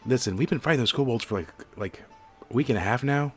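A man's voice: medium pitch, fast, slightly rough, faint music behind, pitched above the performer's own voice, natural voice. A man voicing an eager, hungry young male dragon who pleads and sometimes whispers. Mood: pleading.

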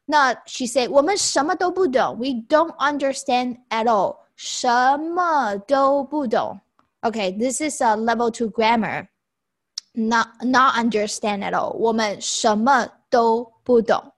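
A woman teaching a lesson in a patient, chatty way, repeating each phrase and explaining it slowly. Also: fairly high pitch. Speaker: language teacher.

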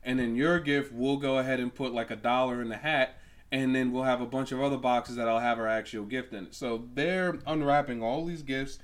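A man's voice: mid-range voice, steady tone, brisk. A man in casual chat, telling a rambling, profane story with lots of fillers.

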